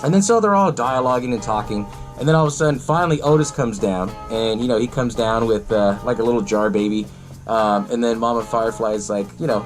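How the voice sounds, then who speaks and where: A man's voice: mid-range voice, expressive, fast, faint music behind. A man hosting a podcast, casually retelling a movie in a rambling, profane way and laughing often. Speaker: podcast host.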